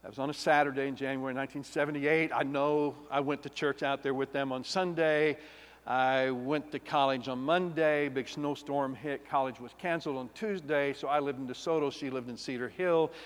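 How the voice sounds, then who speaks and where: A man, a pastor giving an emotional personal testimony, swinging between loud and hushed. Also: mid-range voice, steady tone, moderate pace. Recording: long reverb of a large hall.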